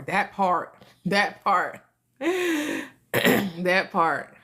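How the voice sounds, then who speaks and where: A woman hosts a livestream on manifestation, teaching casually and answering questions from chat while laughing often, repeating words, and restarting sentences. Her voice is medium in pitch and a bit bright, with lively intonation and a slow pace.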